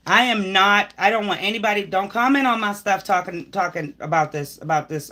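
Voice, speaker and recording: A woman's voice: medium pitch, moderate pace, bright, forceful tone. A woman giving a live tarot reading, talking straight at the viewer in an emphatic, preachy way, rambling with sighs and restarts. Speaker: tarot reader. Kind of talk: live tarot reading, spiritual pep talk.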